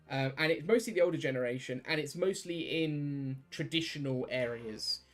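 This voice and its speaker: Young British streamer, British accent, loose rambling chat over soft game music. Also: male voice, mid-range voice. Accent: British English. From Britain. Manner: rambling, talks to chat, many restarts. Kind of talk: casual chat while gaming.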